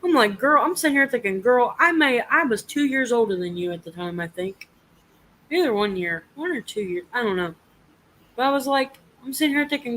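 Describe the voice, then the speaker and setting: A woman's voice: a little high, moderate pace, rough recording. A young woman telling a story in a casual live chat, swearing freely and acting out the people she quotes. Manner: profane, animated storytelling.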